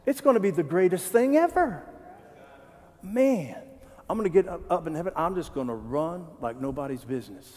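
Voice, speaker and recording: A man pastor preaching a sermon in a church, animated and joking, asking the congregation questions. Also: high voice, moderate pace, in a large hall. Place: church sanctuary.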